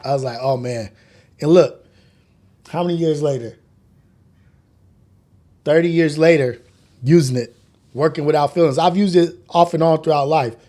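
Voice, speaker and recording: A man's voice: a little high, normal speed, pauses often, warm tone, soft background music. Joking man in his forties hosting. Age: 40s. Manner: loose and joking, swears often, laughs a lot. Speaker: podcast host. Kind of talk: casual morning show chat.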